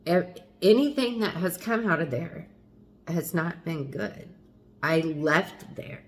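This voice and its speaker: A woman's voice: deep voice, takes it slowly, long pauses. A middle-aged woman speaking candidly to the camera as a mother, frank and confessional, with wry asides and the odd mild curse. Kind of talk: candid personal vlog.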